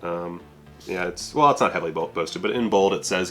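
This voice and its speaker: A man's voice: deep voice, fairly quick, soft background music. A man casually reviewing a home video release, offhand and self-deprecating, with casual swearing.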